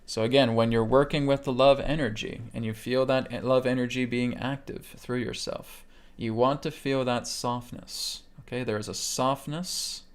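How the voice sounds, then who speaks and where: A man instructor leading a live webcast lesson, calmly talking listeners through breathing steps and checking in with "okay?" after each point. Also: medium pitch, clear, resonant tone. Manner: calm guiding delivery, keeps checking in with "okay?". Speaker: meditation instructor. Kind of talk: live webcast teaching a healing technique.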